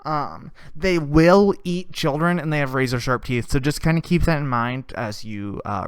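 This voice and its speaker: A man's voice: medium pitch, moderate pace, few pauses, clean tone, no echo. A young man hosting a podcast, ranting in a crude, profane and sarcastic way with mocking asides. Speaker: podcast host. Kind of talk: crude comedic rant.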